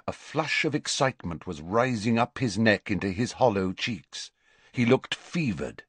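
A man giving a deliberate scripted audiobook narration in an even storytelling manner. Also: fairly low pitch, breathy edge, no echo.

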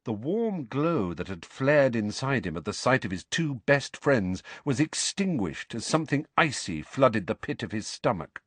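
A man narrating an audiobook in a measured, expressive way, close to the mic. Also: mid-range voice, no room sound. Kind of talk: scripted narration.

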